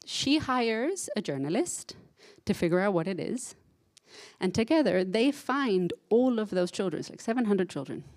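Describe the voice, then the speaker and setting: A woman's voice: medium pitch, big pitch swings, moderate pace, darkish tone. Woman speaker at a conference, chatty and heartfelt, keeps asking the room "right?". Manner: conversational, engages audience with frequent "right?"; emotional, self-described crier. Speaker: psychotherapist giving a talk. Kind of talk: live conference talk.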